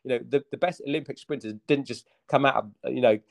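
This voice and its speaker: A man's voice: mid-range voice, fast, gravelly. A man talking as a fitness coach guest on a podcast, upbeat and motivational, with many fillers. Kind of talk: casual podcast chat.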